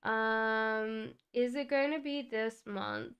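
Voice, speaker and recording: A woman's voice: fairly high pitch, sing-song, slow, a bit bright, clear, resonant tone. A woman hosting a live-stream tarot reading, chatting casually and reassuring viewers by name as she answers their questions. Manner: hums while shuffling cards.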